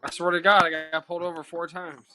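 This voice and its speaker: A man's voice: on the high side, flat delivery, quick pace, sharp tone, clear, resonant tone, no echo. A man, telling stories in casual chat, rambling and swearing freely. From USA. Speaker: guest.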